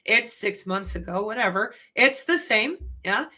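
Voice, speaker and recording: A woman hosting her own channel, lecturing in an animated way and asking rhetorical questions. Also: mid-range voice, unhurried. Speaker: channel host. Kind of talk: commentary.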